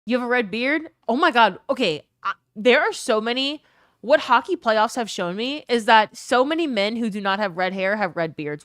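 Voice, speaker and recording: A young woman hosting a live stream, chatting excitably with her viewers, swearing freely, and thanking them for gifts. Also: on the high side, unhurried, dry recording, clean studio sound. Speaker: livestream host. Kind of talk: casual stream chat.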